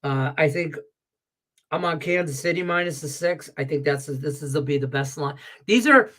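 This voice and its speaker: His fairly high-pitched voice moves at a moderate pace as he rants on a sports betting talk show in Las Vegas. The rant is casual but heated, animated and profane, and his sinuses sound stuffed, making his voice congested.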